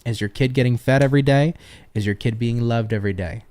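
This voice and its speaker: A man's voice: medium pitch, fast, darkish tone. A man giving a daily horoscope tarot reading, affectionate and encouraging, calling his listeners baby and rambling in upbeat phrases. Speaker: tarot reader.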